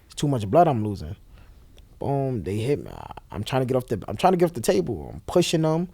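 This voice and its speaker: A man's voice: mid-range voice, brisk, creaky, slightly rough, no room sound. A man, a guest telling an emotional story and acting out the voices of others. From Brooklyn, New York. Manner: animated, acts out the voices of others as he retells.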